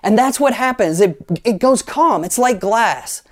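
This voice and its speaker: In no hurry, a high-pitched male pastor delivers his sermon, telling lively stories sprinkled with playful asides and leading the congregation in group actions.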